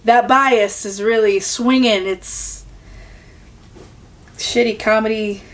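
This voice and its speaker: A woman hosting a reaction commentary in a casual, sarcastic tone, swearing often. Her voice sits a little high. She sounds thoroughly fed up. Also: steady tone, takes it slowly, a bit bright. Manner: exasperated, profane, sarcastic. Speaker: commentary video host.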